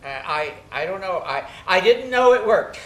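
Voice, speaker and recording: An actor playing an elderly, stubborn widower on stage, speaking in a hesitant, halting way. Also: male voice, high-pitched, lively intonation, fairly bright tone. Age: older. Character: elderly widowed man, stubborn and set in his ways. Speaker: lonely old widower. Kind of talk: stage play acting. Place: theater stage. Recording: echoey stage, from far off, faint ambience.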